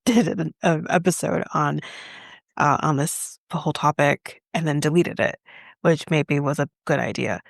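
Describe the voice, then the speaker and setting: Opinionated woman with a gravelly low voice. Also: no echo, clean studio sound. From Canada. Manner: opinionated, emphatic, self-interrupting. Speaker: podcast co-host. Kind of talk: casual opinion chat.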